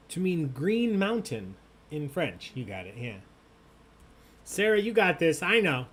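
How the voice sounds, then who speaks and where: A man runs a live trivia game with a jokey, upbeat manner. His voice sits a bit high and swoops animatedly as he reads questions and scores. The tone is bright and forward. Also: big pitch swings, slow. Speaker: trivia host. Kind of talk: livestream trivia hosting.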